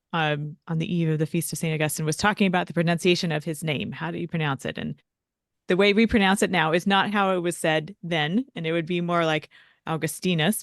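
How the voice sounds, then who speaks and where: A woman with a notably low voice guides a relaxed discussion and asks her co-hosts questions. The recording is dry and close, with no room echo. Her tone is conversational and steady. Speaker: podcast co-host. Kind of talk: casual panel conversation.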